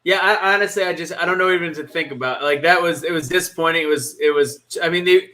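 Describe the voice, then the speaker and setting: Bright high-voiced man musing. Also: quick pace. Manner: hesitant, restarting, thoughtful. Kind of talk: casual chat.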